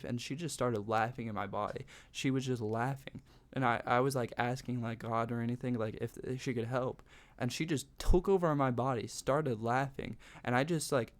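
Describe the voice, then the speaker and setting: A young man vlogging from his bedroom, telling a personal story in a rambling, casual way, full of "like" and swearing. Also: medium pitch. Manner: rambling, heavy use of "like", sweary.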